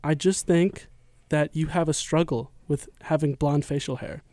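A young man hosts a casual podcast in a studio, teasing his friends with quick, restarting phrases. His voice sits a little high for a man. The sound is close and dry. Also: steady tone, warm tone, no room sound. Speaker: podcast host. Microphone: studio microphone.

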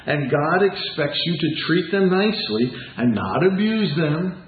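Earnest pastor preaching in an echoey room. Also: male voice, on the high side, expressive, a little slow. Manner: earnest, conversational, rhetorical questions. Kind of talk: sermon. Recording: echoey room, tinny phone-like sound.

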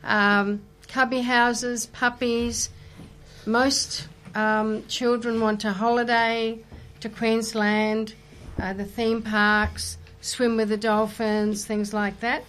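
A woman speaks slowly and hesitantly as a radio guest, her voice sitting fairly high. She pauses often and fills gaps with soft ums. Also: flat delivery, a little hiss or hum. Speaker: volunteer wish coordinator guest. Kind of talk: casual radio interview.

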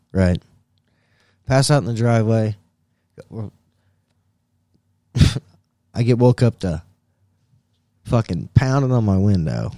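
A man's voice: on the low side, darkish tone, no room sound. Man, casual podcast storytelling, lots of swearing, laughing, dry recording. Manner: profane, laughing, acts out quoted voices. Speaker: podcast co-host.

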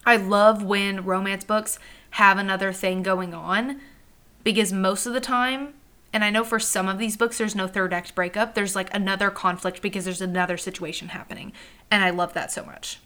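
Bright-voiced chatty woman podcaster. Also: mid-range voice, normal speed. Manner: chatty, animated, acts out characters' lines, swears casually. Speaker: book podcast host. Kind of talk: casual chat.

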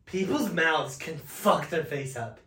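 A man's voice: a little high, lively intonation, takes it slowly, sharp tone. Laughing man, swearing banter, distant roomy sound. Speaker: podcast co-host. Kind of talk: casual chat.

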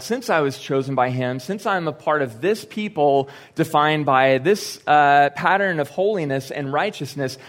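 Young male pastor, casual sermon delivery, higher voice, playful asides. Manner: conversational, joking asides, acts out quoted lines. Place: church sanctuary.

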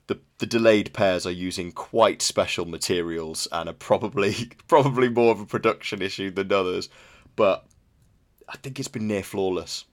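A man co-hosting a podcast, chatting enthusiastically and rambling about sneakers, swearing casually. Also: deep voice. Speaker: podcast co-host.

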